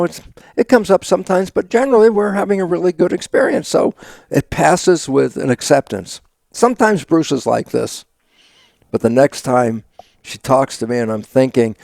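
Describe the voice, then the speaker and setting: An older man with a gravelly, slightly high voice tells stories in an interview, acting out quoted conversations with himself as he goes. The sound is dry and close. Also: a little mellow, no echo. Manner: acts out his own inner dialogue in quoted exchanges, laughing often. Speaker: guest, stem cell biologist. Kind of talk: animated storytelling interview talk.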